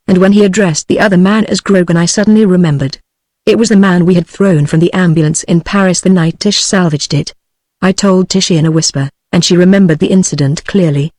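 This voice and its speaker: A text-to-speech woman's voice with a British English accent, reading a novel aloud in an even, steady way. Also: on the low side, dry recording. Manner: even, steady synthetic delivery. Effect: synthetic text-to-speech voice. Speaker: audiobook narrator.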